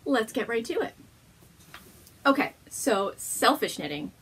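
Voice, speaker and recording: Breathy, bubbly woman vlogging at home. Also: on the high side, sing-song, a little slow, a bit bright. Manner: bubbly, laughs often, gushing. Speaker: knitting podcast host. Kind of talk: casual chatty vlog. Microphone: camera.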